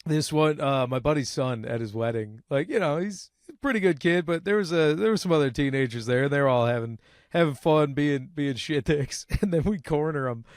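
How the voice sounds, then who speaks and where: A young man co-hosting a podcast in casual banter, crude and loud, laughing often and acting out quotes, sweating in a hot room. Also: a little high, animated, a little fast, no room sound, clean studio sound. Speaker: podcast co-host.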